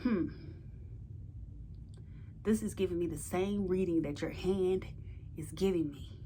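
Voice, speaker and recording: Brief: stern, hesitant fortune teller, a bit lower and slower, played by a woman storyteller. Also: warm tone, slight background noise, natural voice. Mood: puzzled.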